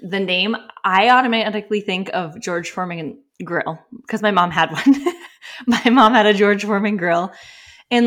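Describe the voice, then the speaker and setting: A woman's voice: medium pitch, a bit bright. A woman in her thirties hosting a casual solo podcast, chatty and full of "like" fillers, laughing often and a little winded. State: slightly winded. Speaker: podcast host.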